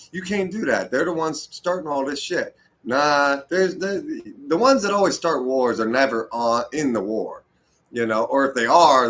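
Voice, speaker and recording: A man's voice: medium pitch, a bit bright, rough recording. Profane, rambling man ranting. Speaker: vlogger. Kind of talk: casual rant to camera.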